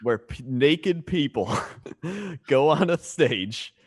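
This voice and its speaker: A man's voice: a little high, lively intonation, takes it slowly, husky. A man on a podcast chatting casually in a laid-back way, often laughing mid-sentence. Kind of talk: casual chat.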